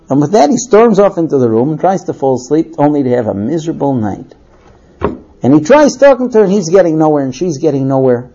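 Husky woman telling a lively story. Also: deep voice, fast. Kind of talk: storytelling talk. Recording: dull lo-fi recording.

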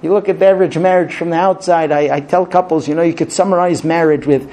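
A rabbi lecturing on marriage, acting out bickering spouses and quoting Hebrew phrases before translating them. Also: male voice, fairly high pitch, fast, slight background noise. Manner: animated, acts out squabbling spouses in quoted dialogue. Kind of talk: spoken lecture.

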